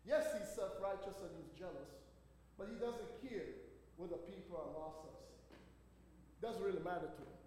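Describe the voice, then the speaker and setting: A man's voice: high-pitched, normal speed, a little mellow. A man preaching a sermon as pastor, asking the congregation questions and calling for responses. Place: church sanctuary. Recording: long church hall reverb.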